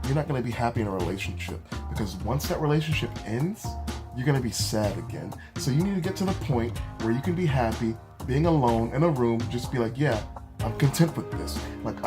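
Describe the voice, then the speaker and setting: Chatty young man vlogging over music. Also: mid-range voice. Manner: chatty and earnest, giving advice with restarts and asides. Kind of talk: casual vlog chat. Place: his home, walking from bedroom to kitchen.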